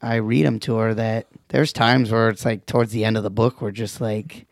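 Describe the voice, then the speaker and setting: A man's voice: fairly low pitch, flat delivery, moderate pace, no room sound, clean studio sound. A man in casual chat, laid-back, swearing and laughing as he acts out quotes.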